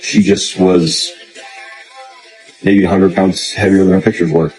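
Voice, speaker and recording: A man with a very deep voice rants straight to camera, blunt and intense, with swearing peppered through every sentence. Loud music plays under the clip. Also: level tone, measured pace, poor audio. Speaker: dating content creator. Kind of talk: ranting to camera.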